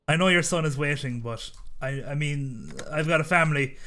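A man talks through his game in a sharp, bright voice pitched a touch high. He jokes, mutters to himself and flares into mock outbursts full of swearing. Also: normal speed. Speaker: let's play host. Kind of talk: gameplay commentary.

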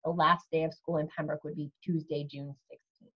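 A woman school official, giving measured updates on a video call with many ums. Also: low-pitched, flat delivery, breathy edge, highs cut off. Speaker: school superintendent. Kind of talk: virtual meeting update.

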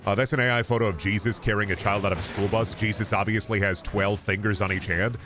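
A man's voice: fairly low pitch, fairly even intonation, quick pace, few pauses. Joking young man streaming a game. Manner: rambling, jokey, swears freely. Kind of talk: casual gameplay commentary. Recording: game music playing behind.

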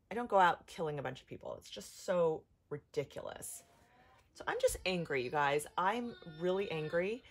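A woman in her thirties speaks straight to her viewers from home in a personal vlog. Her voice sits a little low, and she sounds upset and halting, often breaking off and restarting with "like". It feels raw and unscripted. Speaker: vlogger.

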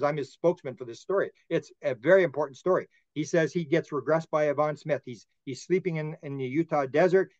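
A man's voice: a little high, no echo, highs cut off. A man, a podcast guest and author, telling long stories in casual interview talk, with many restarts and repeated words. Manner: rambling storyteller with frequent restarts.

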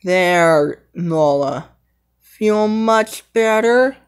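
A brave young male lion played by a woman speaks in a lowish voice and drags his words out very slowly. He rambles and stops to hunt for words. It sounds like an amateur fan role-play. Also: lively intonation, smooth. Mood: tender. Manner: rambling, hesitant, halting.

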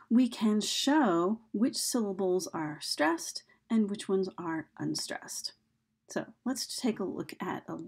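Woman teacher, gravelly husky voice, casual explanatory lesson, chatty with ums. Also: medium pitch, a little mellow. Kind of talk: casual lesson on poetry meter.

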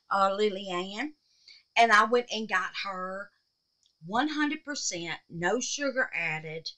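A woman hosting a resin art channel chats with viewers from her home art room in a casual crafting vlog, calling them baby and darling. Her medium-pitched voice has a sharp tone, and the recording is low-quality.

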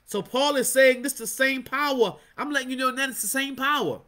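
High, bright-voiced fervent preacher man. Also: brisk. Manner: fervent, call-and-response with amens. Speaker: Bible study teacher. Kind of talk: preaching Bible study.

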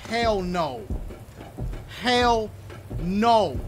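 A man giving excitable, profane let's-play commentary, talking back to game characters and yelping when scared. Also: sits high, drawn-out words, slight background noise. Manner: panicky yelps and shouts when scared. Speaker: gaming video host. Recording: loud game audio and clicks behind voice.

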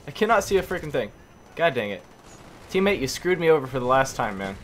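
A hoarse young man giving excitable gameplay commentary, groaning and exclaiming at his teammates. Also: medium pitch, a little fast, slight background noise. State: hoarse, losing voice. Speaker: gaming YouTuber. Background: faint gunfire from the game.

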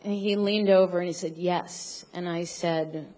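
A middle-aged woman telling a funny personal story on stage, halting and self-deprecating, often restarting her sentences. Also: on the low side, fairly even intonation, mellow.

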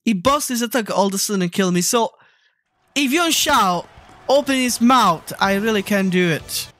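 A streamer giving live commentary over a video game, exasperated and swearing often, with sudden shouts at the screen. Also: medium pitch, expressive, normal speed, no echo.

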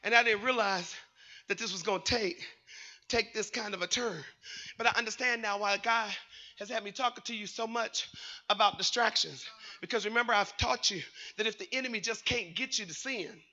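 Guy preaching in church, real high voice, gets loud and singsongy, keeps asking folks to say it back. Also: moderate pace. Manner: fervent, rising to shouts, sing-song phrases. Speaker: pastor. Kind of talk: preaching a sermon with call and response. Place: church sanctuary.

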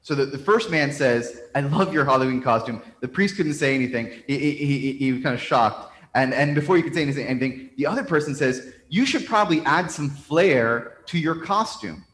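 A man's voice: medium pitch, a little fast, hardly any pauses, fairly bright tone. A man, a priest, telling a story as a sermon in a church sanctuary, talking conversationally with frequent restarts. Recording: roomy church reverb.

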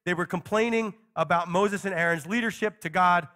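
Middle-aged man, pastor, relaxed sermon delivery with acted quotes, voice on the higher side. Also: fairly quick. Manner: conversational preaching with acted-out quotes and humor.

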